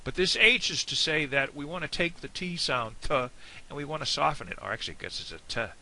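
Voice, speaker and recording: A man's voice: fairly high pitch, animated, brisk, vocal fry, sharp tone, a little hiss or hum. A man with an American accent giving a casual, digressive video lesson. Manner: chatty, digressive. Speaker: Irish language teacher.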